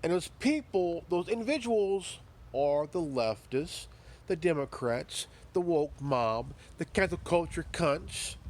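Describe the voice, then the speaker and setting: A commentary vlogger with a somewhat high, slightly mellow voice delivers a ranting monologue. He is expressive, profane and confrontational, often stumbling and repeating himself.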